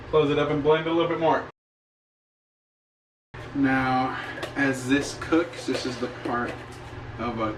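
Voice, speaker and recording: A young man chatting casually through a cooking vlog, jokey and rambling, recorded on a camera mic in his home kitchen. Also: medium pitch. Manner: jokey, rambling, self-amused. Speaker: cooking vlogger. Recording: echoey kitchen with cooking noise. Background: frying and sizzling.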